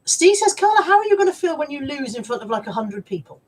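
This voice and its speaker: Quick and sing-song, a high female voice hosts a live stream. She teases her viewers in casual chat, laughing plenty, captured by a camera mic from slightly off.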